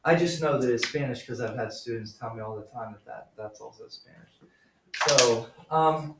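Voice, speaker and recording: A man's voice: medium pitch, moderate pace, heavy background noise. A man teaching a German class, patiently explaining pronunciation and calling on students by name. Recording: roomy classroom from far off.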